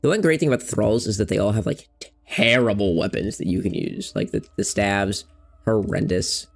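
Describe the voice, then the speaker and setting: Speaking at a normal speed with vocal fry, this low-voiced man rambles playfully through gameplay at his desk mic, pausing between game moments to talk to his cats.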